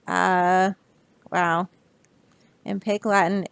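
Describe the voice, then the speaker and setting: A young woman reads a children's picture book aloud, breaking off for chatty, easygoing explanations. Her voice carries a gravelly fry, and she speaks slowly and patiently. The recording is close and dry. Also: mid-range voice, no echo. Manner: explaining, chatty asides, soft laughs. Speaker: storybook reader.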